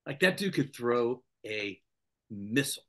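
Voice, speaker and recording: He is a middle-aged former sports anchor with a mid-range voice and a measured pace, swapping stories in a casual podcast interview. As he tells his animated anecdotes, he acts out the people he quotes.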